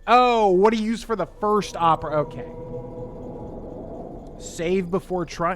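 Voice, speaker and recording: With faint music behind him, this man speaks slowly in a high, slightly bright voice with big pitch swings. He's doing casual let's-play commentary, muttering and counting through sums aloud and complaining half in jest.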